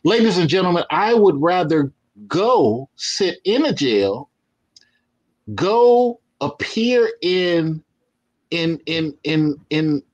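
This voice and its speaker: Guy slowly roasting a clip he's watching, kinda high voice. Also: animated, dull audio. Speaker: commentator reacting to a video. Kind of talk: casual reaction commentary.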